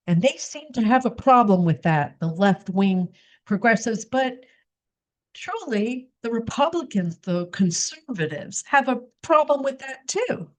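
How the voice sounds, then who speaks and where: A woman hosting a religious podcast, lecturing her listeners with rhetorical questions and teasing asides. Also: medium pitch. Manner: teasing, chuckles at own remarks. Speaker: podcast host. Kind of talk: religious commentary monologue.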